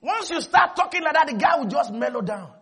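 A man preaching an animated sermon, shouting and laughing as he calls for amens. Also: extremely high pitch, brisk. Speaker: pastor.

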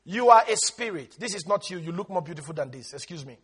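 A man's voice: high voice, lively intonation, fast, husky. A male preacher giving an emphatic sermon, calling on the listeners to respond and quoting scripture.

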